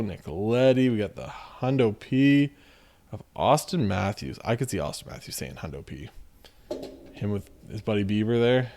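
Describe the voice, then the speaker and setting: A man with a somewhat low voice talks casually as he opens packs of cards. He reads names off in quick runs and drops jokes along the way, loose and chatty. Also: a little mellow. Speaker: card-opening channel host. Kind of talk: casual commentary while opening card packs.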